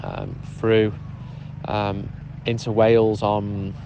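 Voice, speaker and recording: A man with a fairly low voice talks through a casual, easygoing update. He was recorded outdoors, and faint road traffic sits under his voice. He tells his story in a relaxed, chatty way. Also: takes it slowly, muffled recording. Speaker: podcast contributor sending a voice update.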